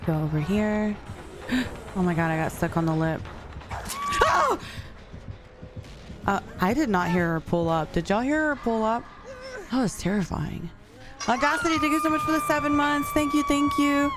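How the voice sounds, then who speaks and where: A woman's voice: on the high side, fairly quick. A young woman streaming a game, chatting casually, thanking viewers and answering chat. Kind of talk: casual live-stream chat while gaming. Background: faint music.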